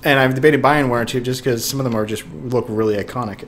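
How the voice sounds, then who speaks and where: A man co-hosting a casual podcast, easygoing and quick to laugh, acting out little quotes as he talks. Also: mid-range voice, fairly even intonation, fairly bright tone, slight background noise. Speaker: podcast co-host. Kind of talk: casual chat.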